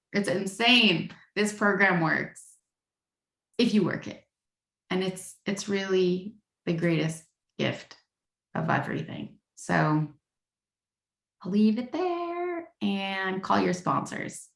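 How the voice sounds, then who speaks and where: Woman in her thirties, recovery meeting share, frank and candid, gravelly low voice, echoey room. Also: lively intonation, slow pace, a bit bright. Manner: candid and frank, self-deprecating. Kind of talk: personal share at a twelve-step meeting.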